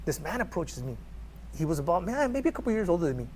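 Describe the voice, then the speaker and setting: Podcast guest, man from California, animated storyteller, slightly raised pitch, gravelly edge, faint noise behind. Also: quick pace. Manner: animated, repeats words, acts out quoted dialogue. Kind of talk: conversational storytelling.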